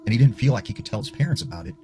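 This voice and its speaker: A man's voice: medium pitch, very animated, racing, mellow, a little hiss or hum. A man casually telling a spooky story, chatty and loose, full of filler words. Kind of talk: casual spoken ghost story. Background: music.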